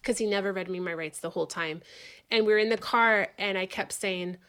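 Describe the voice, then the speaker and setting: A woman in her forties tells a story in a loose, casual chat, her voice bright and ringing. She swears freely and jumps into the voices of the people she quotes, keeping the telling lively. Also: medium pitch, fairly quick, clear, resonant tone. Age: 40s.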